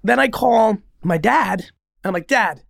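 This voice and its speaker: A man as a podcast guest, telling a personal story in a casual, rambling, animated way with free swearing. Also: high voice, normal speed, vocal fry, dry recording, clean studio sound.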